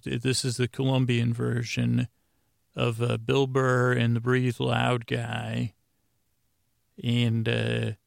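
A man's voice: mid-range voice, vocal fry, no echo, studio quality. A man hosting a podcast, casually recapping a TV episode in a rambling way with many restarts.

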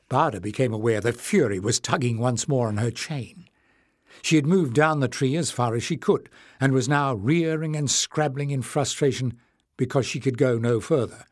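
A man with a medium-pitched voice narrates an audiobook from a script, measured and expressive. The studio recording is clean, with no room sound.

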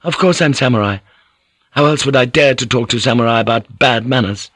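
A man's voice: medium pitch, brisk, fairly bright tone, slightly rough, no room sound, clean studio sound, voice pushed up. A man reading an audiobook, voicing a nervous man who poses as a haughty priest and scolds the guards indignantly.

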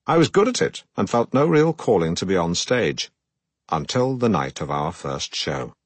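An actor playing a pompous, self-regarding middle-aged broadcaster who narrates his own memoir in a deadpan way. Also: low voice, moderate pace, slightly rough, no echo, heavily acted. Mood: self-important. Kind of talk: comic audiobook narration.

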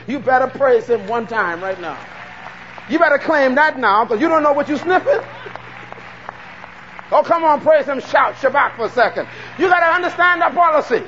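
A man's voice: very high voice, lively intonation, normal speed, fairly bright tone, big-room sound, dull audio, some chatter behind, a little hiss or hum. A Bahamian man preaching a fervent sermon, calling out to the congregation for responses.

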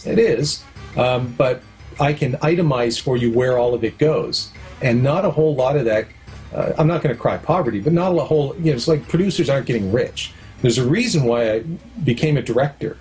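A middle-aged man talks frankly about his work in an interview, with a mid-range voice. He explains things with homely comparisons and a storyteller's ease. Faint music plays softly underneath. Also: mid-range voice, lively intonation, a little fast. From Canada. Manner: candid, anecdotal, explains with analogies. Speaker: documentary producer and director. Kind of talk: casual interview talk.

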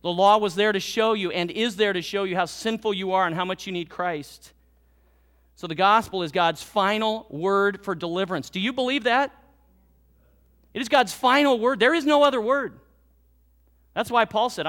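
A male pastor delivering a Sunday sermon in a church, his voice sitting fairly high for a man. He swings from loud, emphatic exhortation to hushed, slowed-down lines.

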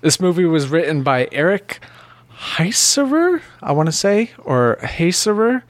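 A man's voice: fairly high pitch, normal speed, no echo. A man co-hosting a film chat, explaining plots in a playful, chatty way. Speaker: podcast co-host. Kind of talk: casual chat.

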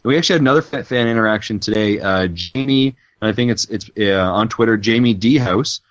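A man from Canada tells a story with lots of laughs and jumps in pitch, casual as a co-host. The sound is dry and a little dull, lo-fi. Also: fairly quick, dry recording. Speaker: podcast co-host. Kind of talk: casual chat.

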